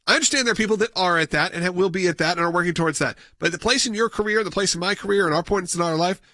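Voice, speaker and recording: Bright-voiced male talk radio host. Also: high-pitched, racing, dry recording, studio quality. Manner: earnest, appreciative, takes calls.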